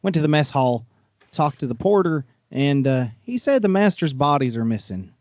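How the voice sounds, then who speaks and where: A man playing a tabletop horror game in character, brisk and practical as he sums things up. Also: fairly high pitch, very animated, a little mellow, dry recording. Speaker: player. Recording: dry, slightly muffled audio.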